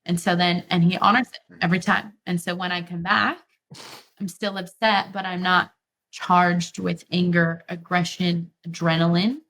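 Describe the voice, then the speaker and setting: A woman's voice: on the low side, level tone, normal speed, fairly bright tone, slight background noise. A woman guest on a podcast, talking candidly and reflectively about her relationship, with frequent "like" fillers.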